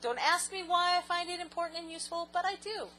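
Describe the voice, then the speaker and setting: A woman's voice: extremely high pitch, fast talker, pushed and bright, slight background noise, rough recording. A woman vlogger answering viewer questions in a giggly, rambling, self-mocking casual chat.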